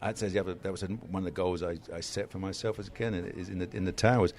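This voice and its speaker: A man in his sixties from England, a golf commentator telling animated stories as a podcast guest. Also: sits low, very fast. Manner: animated storyteller, slips into mimicry. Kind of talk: casual interview chat.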